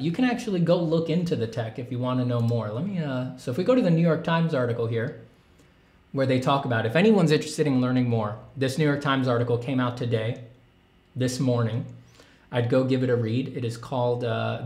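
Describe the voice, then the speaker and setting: A man's voice: mid-range voice, fairly quick, a little mellow. A man hosting his art channel in casual livestream chat, rambling enthusiastically with many fillers. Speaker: artist and channel host.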